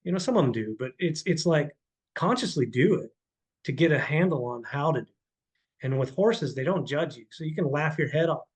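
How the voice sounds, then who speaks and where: A man's voice: fairly high pitch, animated, normal speed, slightly rough, low-quality recording. A man on a podcast, a horse trainer and life coach, talking casually and rambling, often restarting and dropping in "man" and "dude". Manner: rambling, repeats words, says "man" and "dude".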